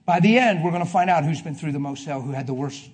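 High-voiced man preaching with swings from hush to loud. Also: fast talker. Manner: emphatic, swings from hushed to loud. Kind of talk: sermon with personal story. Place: before a live congregation.

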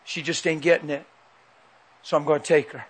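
A man quoting a calm, hushed spirit voice that coaxes and persuades, within a sermon. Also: a little high, brisk, breathy edge, voice pushed down. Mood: coaxing. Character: soft, coaxing spirit voice, male, claiming divine authority.

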